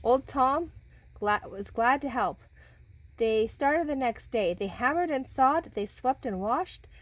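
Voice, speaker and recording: Woman, storybook reader, read-aloud to children, fairly high voice, animated. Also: slow, low-quality recording. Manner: animated, talks with listening children. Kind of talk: reading a picture book aloud.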